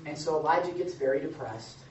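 Animated preacher in a roomy hall. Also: male voice, a little high, a little fast. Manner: animated, joking asides, acts out quotes. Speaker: pastor. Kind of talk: sermon. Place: church or meeting room with a live audience. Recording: roomy, distant, dull sound with faint noise.

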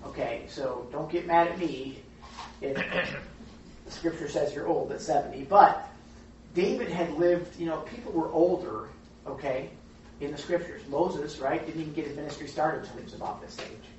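A Bible study teacher leads a group in a casual, animated way and keeps asking them questions. The voice sits at a middle pitch and carries a strong room echo. It is picked up from a distance with a muffled, dull tone and faint background hiss. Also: normal speed. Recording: very echoey room, distant mic, dull sound.

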